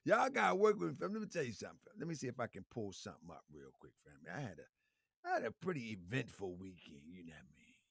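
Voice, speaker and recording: A man hosting a live stream, chatting casually with the people tuning in. His voice has a gravelly grain and rides up and down with plenty of swing. He laughs easily, repeats himself, keeps calling the audience fam, and the sound is dry and close. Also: medium pitch, huge pitch swings, quick pace, fairly bright tone, no room sound. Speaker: livestream show host. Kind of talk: casual livestream talk to viewers.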